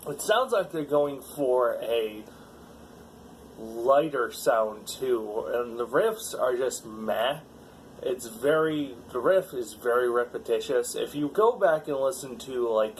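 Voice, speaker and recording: A man's voice: mid-range voice, slight background noise, low-quality recording. A man giving a casual spoken review of a metal song, hesitant and full of fillers and restarts, bluntly critical.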